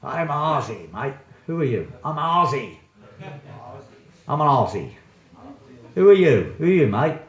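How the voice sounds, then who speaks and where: A man's voice: on the high side, big pitch swings, measured pace, pauses often, voice pushed up. A man putting on a blokey Aussie guy. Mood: jokey, pushy. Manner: repeats the same question, growing louder. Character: blokey adult Australian man, proud of being Aussie. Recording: echoey hall.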